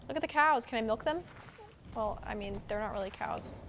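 A woman's voice: fairly high pitch, brisk, a bit bright, a little hiss or hum. Bubbly chatty young woman gaming. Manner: bubbly, chatty, exclaims often. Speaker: gamer playing a first playthrough. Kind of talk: casual gameplay commentary. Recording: game music playing behind.

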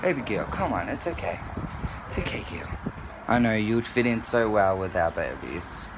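Low-voiced woman cooing at dogs. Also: sing-song, normal speed, noisy background. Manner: cooing, affectionate. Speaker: vlogger. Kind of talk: casual chat and baby talk to dogs. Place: noisy animal shelter, dogs barking. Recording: loud barking in background.

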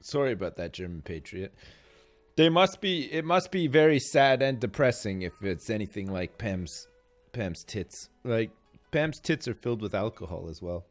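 A man's voice: fairly low pitch, lively intonation, moderate pace, soft background music. A man streaming a game live, joking, swearing and reading game text aloud in casual commentary.

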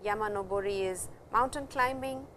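A woman teaching a language lesson, explaining slowly and repeating each example sentence. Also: mid-range voice, a bit bright, slight background noise, rough recording. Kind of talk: classroom lecture.

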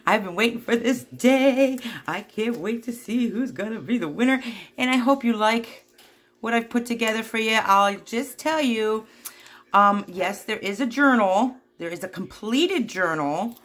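Woman, craft vlogger, giddy, giggly, higher voice, slow pace. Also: animated, fairly bright tone. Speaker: craft vlogger hosting a giveaway. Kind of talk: casual chat to viewers. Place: at home.

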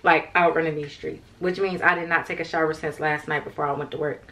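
A woman's voice: sits low, steady tone, fast talker, fairly bright tone. Chatty young woman vlogging to camera. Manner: chatty, keeps addressing viewers as y'all. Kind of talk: casual vlog chat. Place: in her car, later at home. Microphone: handheld camera mic.

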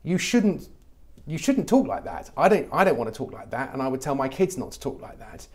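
A man's voice: medium pitch, very animated, brisk, darkish tone. A middle-aged man from England, a comedy writer talking animatedly in an interview and slipping into mock voices when he quotes people. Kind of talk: conversational interview.

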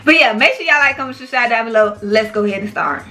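A woman's voice: a little high, animated, quick pace, sharp tone, soft background music. A woman running a small business, chatting casually to her viewers, calling them "y'all" and "baby". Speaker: small business owner and vlogger.

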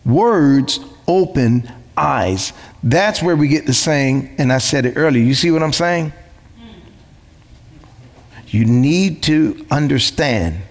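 A man delivers a sermon in a gravelly voice that swings up and down with lively pitch. He presses his points through repetition and rhetorical questions. His voice rings out with a long hall reverb. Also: slow, long pauses. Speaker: pastor.

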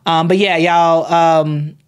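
A woman's voice: low voice, level tone, takes it slowly, clear, resonant tone. A young woman hosting a sports live stream, chatting casually, reading chat comments aloud, often repeating herself with plenty of fillers.

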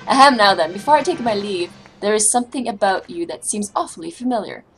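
A woman's voice: mid-range voice, animated, quick pace, a bit bright, faint music behind, rough recording. A woman doing a pompous grandiose inspector. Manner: grandiloquent, old-fashioned formal speech. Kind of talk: reading game dialogue aloud.

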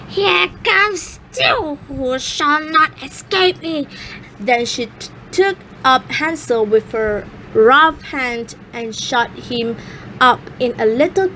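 A woman reading a fairy tale aloud in a careful, slightly halting way, with small slips. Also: fairly high pitch, fairly bright tone, a little hiss or hum, poor audio. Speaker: storyteller.

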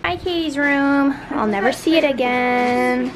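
A woman's voice: high-pitched, measured pace. Bubbly young woman vlogging, noisy phone audio. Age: young adult. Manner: bubbly, chatty, giggly. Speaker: vlogger, college student. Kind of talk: casual vlog chat.

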